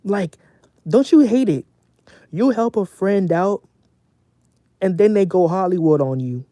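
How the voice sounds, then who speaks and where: A young man streaming casually from home, venting in a profane, animated rant. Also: sits high, measured pace, no room sound.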